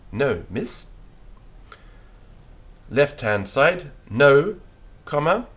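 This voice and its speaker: A man teaching a beginners' French lesson, dictating slowly and patiently and spelling words out letter by letter. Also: mid-range voice, big pitch swings, fairly bright tone, husky.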